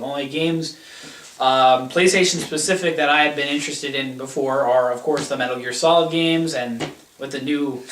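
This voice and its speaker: Deadpan young man in an echoey room. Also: fairly high pitch, distant mic, slight background noise. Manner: deadpan and blunt, swears, bursts into excited rants. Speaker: co-host. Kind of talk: casual gaming chat.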